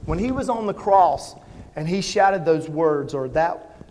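Pastor, male, higher voice, emphatic sermon delivery, church with long reverb. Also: animated, measured pace, mellow, a little hiss or hum. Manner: earnest, emphatic, asks the congregation questions.

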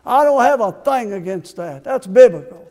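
A man's voice: sits high, animated, moderate pace, darkish tone. A man preaching a sermon with passion, asking his congregation rhetorical questions. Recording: long hall reverb.

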